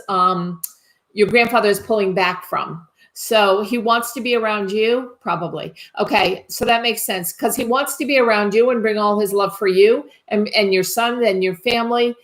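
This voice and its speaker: A woman working as a psychic medium, giving a live reading in a tentative, reassuring way and often checking whether she has things right. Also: mid-range voice.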